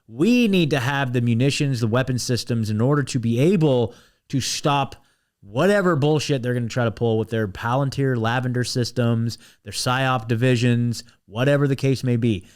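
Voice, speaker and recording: A man's voice: mid-range voice, normal speed, darkish tone. Blunt, ranting American man. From United States. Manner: blunt, restless, full of restarts and asides. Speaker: host. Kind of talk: ranting commentary.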